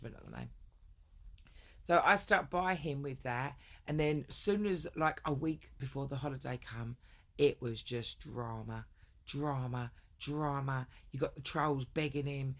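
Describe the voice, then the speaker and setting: Rambling and blunt, a female vlogger recounts a long personal story, swearing a lot along the way. Her voice is bass and fairly bright, and the talk is a casual storytelling rant.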